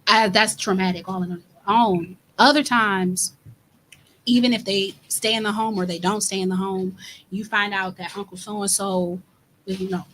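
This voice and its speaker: Co-host, female, mid-pitched, thoughtful and affirming, faint background noise. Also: fairly even intonation, moderate pace, fairly bright tone, poor audio. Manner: thoughtful, affirming with short interjections. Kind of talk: casual conversation.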